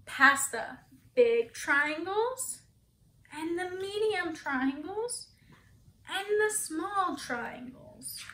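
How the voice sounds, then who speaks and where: A woman's voice: very high-pitched, expressive, drawn-out words, pushed and bright, roomy sound, a little hiss or hum. A woman teacher reading a picture book aloud to children, asking them questions and gasping for effect.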